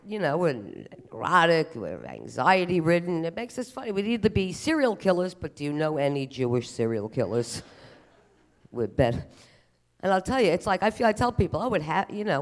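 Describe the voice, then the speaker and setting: A man performing a self-deprecating stand-up comedy routine on stage. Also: fairly high pitch. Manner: animated, self-deprecating delivery. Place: live comedy stage at a museum event.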